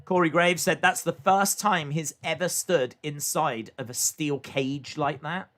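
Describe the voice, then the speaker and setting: A man's voice: on the high side, steady tone, measured pace, a bit bright. A young man hosting a casual live reaction stream, chatting and thinking aloud with frequent fillers.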